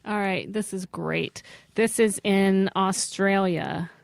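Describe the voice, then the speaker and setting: A woman's voice: mid-range voice, slow, vocal fry, dry recording. A woman co-hosting a comedy podcast, dropping in dry, wry remarks. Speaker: podcast co-host. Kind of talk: casual comedic banter.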